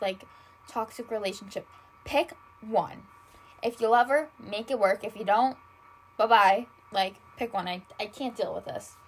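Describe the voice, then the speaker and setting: A woman's voice: on the high side, poor audio. A young woman hosting a solo podcast, rambling in casual chat with constant fillers and frequent swearing. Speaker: podcast host. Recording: faint background noise.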